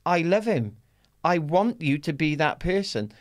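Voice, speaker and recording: Animated man telling a story. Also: fairly high pitch, measured pace. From Wales. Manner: laughs often, swears freely, acts out his own shouts. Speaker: interview guest.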